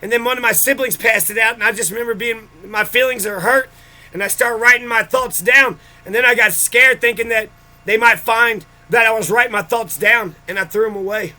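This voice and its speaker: A man's voice: very high voice, a little fast, sharp tone. A man in a bitter, profane personal rant about his childhood, speaking straight to the camera. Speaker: vlogger.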